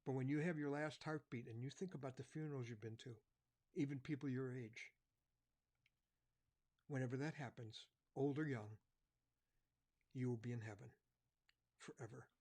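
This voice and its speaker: A man preaching an evangelistic sermon, earnest, dropping to a soft, quiet voice at key points. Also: medium pitch, moderate pace, long pauses.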